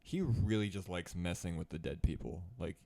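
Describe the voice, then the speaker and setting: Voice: low voice, moderate pace, creaky, warm tone, no room sound. A podcast co-host making wry, teasing remarks in casual banter.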